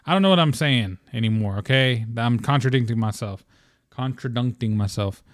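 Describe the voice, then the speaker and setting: A man's voice: medium pitch, lively intonation, brisk, no room sound, studio quality. A man hosting a casual solo podcast, rambling with lots of "um" and "like" and swearing freely. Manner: rambling, profane, filler-heavy. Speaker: podcast host.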